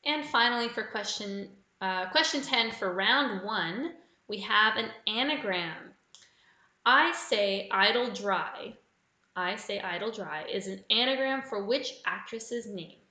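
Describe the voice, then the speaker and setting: A woman with an Australian accent hosting a live online pub quiz, reading each clue slowly and repeating it. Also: medium pitch, lively intonation, sharp tone, reverberant, poor audio. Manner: reads clues slowly and repeats them. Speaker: quiz host.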